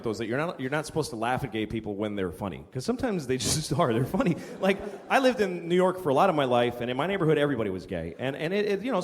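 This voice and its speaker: A man performing a stand-up comedy routine in an incredulous, profane rant. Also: mid-range voice. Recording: reverberant hall with noisy room.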